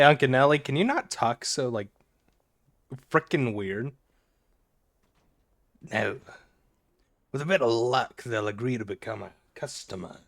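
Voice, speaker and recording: A man's voice: lowish voice, vocal fry, fairly bright tone. A young man doing let's play commentary, joking goofily and reading game text aloud. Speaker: gaming video creator.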